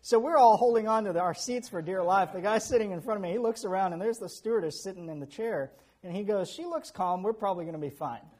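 A man preaching a sermon who tells animated stories with chuckles and asides. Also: sits high, fast talker, hardly any pauses. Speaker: pastor.

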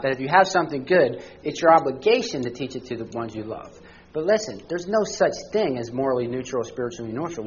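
This lo-fi clip features a man of medium pitch whose voice has a breathy edge. Teaching a group in a church study class, he chats conversationally, poses questions to his listeners, and often adds "all right?".

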